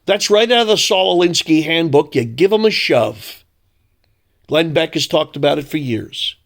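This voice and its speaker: Male commentator, gravelly and mocking, ranting solo. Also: on the high side, animated, moderate pace, a bit bright. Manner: angry, sarcastic, mocking.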